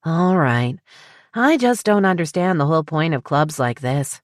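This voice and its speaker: A woman's voice: low-pitched, sing-song, measured pace, dry recording, studio quality. A woman voicing a thrifty middle-aged mother who questions every cost with disapproval. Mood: skeptical.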